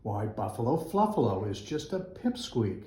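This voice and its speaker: A man's voice: fairly low pitch, big pitch swings, moderate pace, darkish tone, roomy sound. A man doing a squawky old crow. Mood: teasing. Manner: squawking, chummy.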